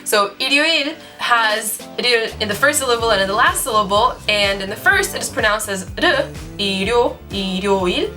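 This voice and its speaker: Bright-voiced young woman teaching casually. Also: on the high side. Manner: chatty, giggly, demonstrates sounds out loud. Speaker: language teacher. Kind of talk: casual video lesson. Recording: faint music underneath.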